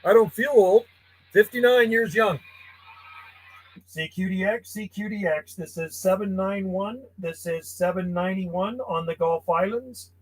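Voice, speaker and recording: A man's voice: high-pitched, a little slow, rough recording. A man, a friendly and chatty CB radio operator calling out call signs from his home radio room. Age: 50s. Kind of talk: casual radio calls and chat.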